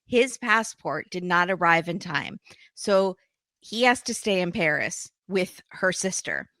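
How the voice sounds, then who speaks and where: A woman guest chatting casually on a podcast, recapping an episode with quick laughs. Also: lowish voice, very animated, sharp tone, no echo. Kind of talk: casual chat.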